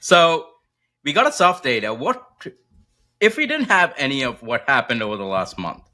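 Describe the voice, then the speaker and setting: A man co-hosts a relaxed markets podcast with a bright, clear tone. He explains economic data step by step and leans on rhetorical checks like "right?" His pitch sits in an ordinary middle range. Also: moderate pace. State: coughing, slightly choked up. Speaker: co-host, macro strategist. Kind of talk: casual market podcast chat.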